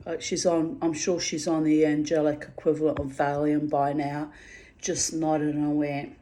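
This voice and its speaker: A woman's voice: low-pitched, little pitch movement, moderate pace, warm tone. A woman in a casual, rambling monologue, chatty and quirky, swearing freely and calling her listeners babies and darlings. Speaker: vlogger.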